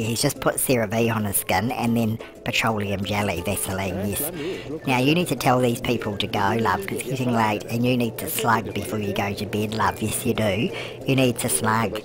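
A fussy, motherly old nan with a strikingly low, deep voice, as a woman puts her on, narrating a life-sim game and calling everyone love. Clear background music plays beneath her. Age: older. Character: chatty, doting old British nan. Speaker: let's play host. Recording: music playing underneath.

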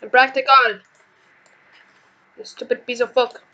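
Excitable young woman gaming, high voice. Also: unhurried, highs cut off. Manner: loud, excitable, swears often. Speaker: gaming channel host. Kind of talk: casual gameplay commentary.

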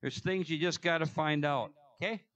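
A man's voice: a little high, normal speed, a bit bright, muffled recording. Joking man giving church announcements. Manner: joking, rambling, self-correcting. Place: church sanctuary.

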